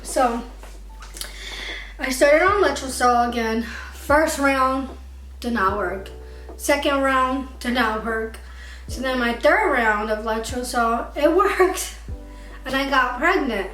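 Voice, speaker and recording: A woman's voice: high voice, slow, fairly bright tone. A young woman vlogger candidly telling a personal story to camera, emotional and tearful at times. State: crying at times. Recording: echoey room, far from mic, faint music.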